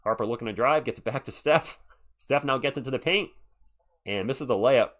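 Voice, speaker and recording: A man's voice: medium pitch, a little fast, fairly bright tone. A man calling live play-by-play on a stream, chatty and answering viewers between calls. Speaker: live stream sports commentator. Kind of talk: live play-by-play and chat reactions.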